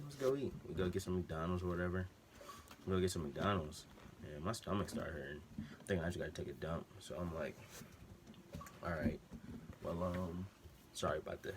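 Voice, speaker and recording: A low-voiced man vlogs from a room at home while a TV plays in the background, amid noisy surroundings. He tells his story casually in slang, rambling off on many tangents.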